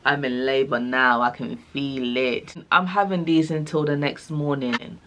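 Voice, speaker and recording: A woman's voice: rumbling low, a little slow, a little hiss or hum. A young woman, casually telling a personal story to her viewers and acting out the people in it. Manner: animated, acts out quoted dialogue. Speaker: vlogger.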